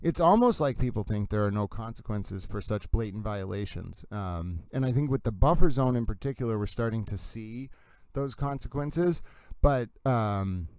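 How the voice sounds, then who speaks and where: A man's voice: fairly low pitch, animated, moderate pace, a little mellow, smooth, no echo. A man hosting a channel and giving casual, rambling commentary on court videos, often breaking off mid-sentence. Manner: rambling, self-interrupting. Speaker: host.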